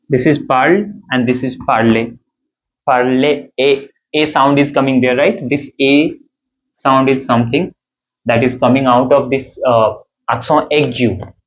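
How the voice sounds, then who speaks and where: A man's voice: medium pitch, slight background noise. Man teaching French. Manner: explains step by step with many fillers and "okay"s. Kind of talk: online language lesson. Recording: dull lo-fi sound with faint ambience.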